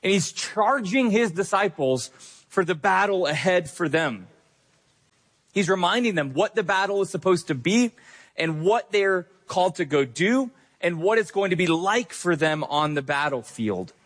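A man's voice: sits high, lively intonation, a little slow, a bit bright. A man preaching a sermon as a pastor, earnest and conversational, with occasional fillers.

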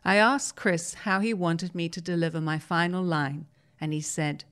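A woman, reading newspaper articles aloud on the radio in a steady, measured way. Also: lowish voice. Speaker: radio reader.

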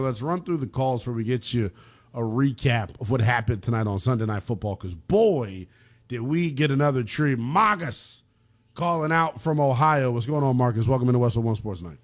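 A man hosting a call-in sports radio show, ranting in a slangy, animated way. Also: mid-range voice, normal speed.

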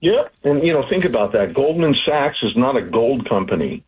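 A man being interviewed as a guest on a radio show, making an earnest, persuasive pitch. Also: big pitch swings, normal speed, husky. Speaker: guest, investment firm founder. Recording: tinny phone line.

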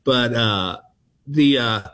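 Older comedian guest, loose rambling anecdotes, self-mocking. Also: male voice, medium pitch, takes it slowly, a bit bright. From Texas. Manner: rambling storyteller, self-deprecating. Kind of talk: casual phone interview.

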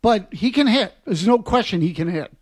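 High-voiced radio co-host man. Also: animated, moderate pace, no echo, clean studio sound. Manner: playful, laughs at himself. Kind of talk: sports talk radio.

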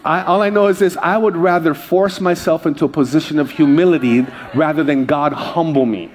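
Guy pastor preaching, kinda high voice, cracks jokes, trips over his words a lot. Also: a little fast, long reverb tail. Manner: jokey, conversational, with frequent restarts. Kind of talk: sermon with storytelling. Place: church service before a congregation.

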